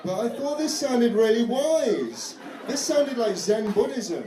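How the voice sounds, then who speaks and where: A man's voice: extremely high pitch, very animated, measured pace, a crowd in the background. A young man doing a stand-up comedy set before a live audience, chatty and self-deprecating, dropping into mock foreign voices. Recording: echoey club with audience noise.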